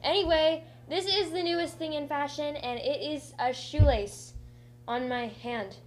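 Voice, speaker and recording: A woman's voice: high-pitched, unhurried. A teenage girl co-hosting a youth bulletin, teasing and giggly in playful banter. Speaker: co-host.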